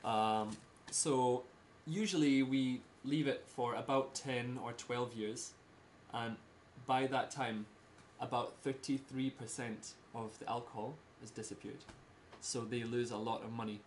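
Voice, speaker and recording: A Scottish man giving a casual talk to a small group, in simple slow words and laughing often. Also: medium pitch, fairly even intonation, slight background noise. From Scotland. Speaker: presenter giving a talk about Scotland.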